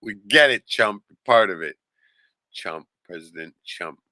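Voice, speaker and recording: A man's voice: fairly low pitch, expressive, measured pace, sharp tone, no echo. A man giving sarcastic, profane commentary on video clips as the host of a streamed show. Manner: sarcastic, swears a lot.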